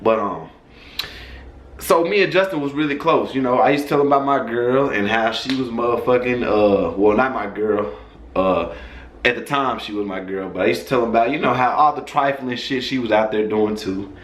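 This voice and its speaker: Man telling a story casually, cussing freely, mid-pitched, recorded in a roomy, echoing space. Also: moderate pace, fairly bright tone. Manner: loose, profane, conversational.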